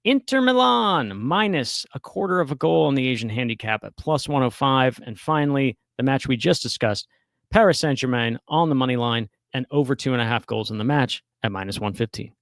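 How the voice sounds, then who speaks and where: A man's voice: medium pitch, animated, brisk, vocal fry, a bit bright, no room sound. A man co-hosting a sports betting podcast, chatting casually and joking with easy laughs. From United States. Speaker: co-host of a soccer betting podcast.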